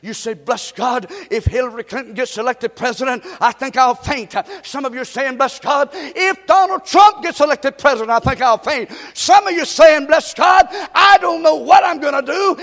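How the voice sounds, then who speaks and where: A man preaching a sermon as pastor, swinging from shouts to hushed murmurs. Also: very high-pitched, normal speed, hardly any pauses. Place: church sanctuary. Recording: long reverb in a church hall.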